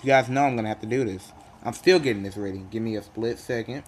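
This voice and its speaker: A man giving live gameplay commentary in a jokey, excitable way, bursting into loud outbursts and then muttering low. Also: fast talker, soft background music. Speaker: gaming commentator.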